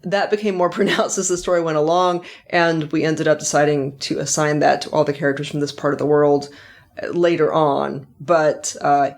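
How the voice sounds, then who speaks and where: A middle-aged woman, an author hosting her own podcast, reflecting in a chatty way and laughing now and then. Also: low-pitched. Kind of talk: casual author commentary.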